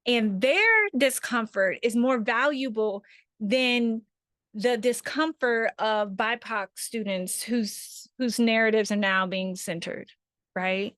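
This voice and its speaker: A woman's voice: on the high side, slow pace, a bit bright, no echo, studio quality. A woman facilitating an online workshop over a video call, talking conversationally and often checking in with her listeners.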